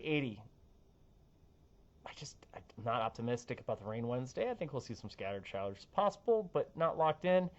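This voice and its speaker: Playful weatherman, dull audio. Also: a little high. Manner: playful, jokey asides while walking through maps. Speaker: TV meteorologist. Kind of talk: casual weather forecast chat.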